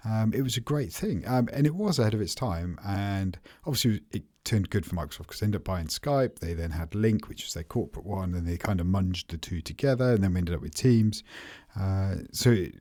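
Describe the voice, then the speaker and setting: A very low-voiced man co-hosts a relaxed tech podcast, rambling a little and tripping over his own words. His voice is recorded close and dry, with no room sound. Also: a little fast, dry recording. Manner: chatty, repeats and restarts words. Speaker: podcast co-host. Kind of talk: casual tech chat.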